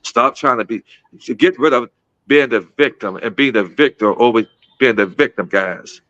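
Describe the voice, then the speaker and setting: A man's voice: medium pitch, moderate pace, a bit bright, no room sound, highs cut off. A man in his fifties from Gary, Indiana, telling a personal story in a casual, repetitive way, often calling his listeners guys. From Gary, Indiana, USA. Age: 50s. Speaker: guest speaker.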